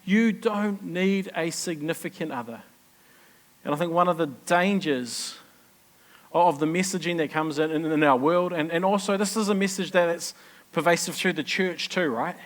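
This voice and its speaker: Man, pastor, high-pitched, conversational sermon, asks listeners questions. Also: moderate pace. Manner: chatty, asks the congregation questions.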